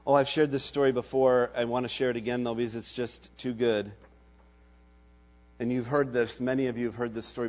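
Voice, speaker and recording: A man preaching a sermon and telling a story dramatically, swinging between loud and hushed delivery. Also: mid-range voice, flat delivery, normal speed. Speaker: pastor. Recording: dull lo-fi recording.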